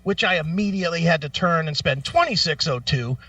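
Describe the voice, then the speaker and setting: Animated, profane male radio co-host. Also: on the high side, brisk, no room sound, recorded from a distance. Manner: profane, animated, laughs through stories. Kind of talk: casual on-air storytelling. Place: radio studio. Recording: dull, off-mic studio audio.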